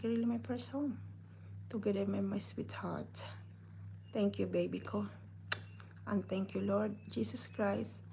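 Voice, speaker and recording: A woman's voice: medium pitch, gravelly, a little mellow. A woman chatting casually through an unboxing vlog, upbeat and talkative, with simple phrasing. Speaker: vlogger. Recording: noisy home video recording.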